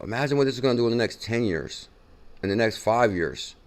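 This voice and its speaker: A man hosting a casual crypto news show, reacting excitedly and repeating figures from a clip he plays. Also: medium pitch, quick pace. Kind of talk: casual chat.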